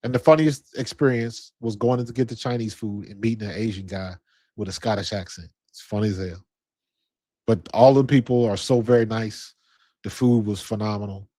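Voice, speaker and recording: A man's voice: lowish voice, steady tone, normal speed, warm tone, no echo. A man hosting a sports podcast, chatting casually and rambling through a story in a laid-back way. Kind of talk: casual chat.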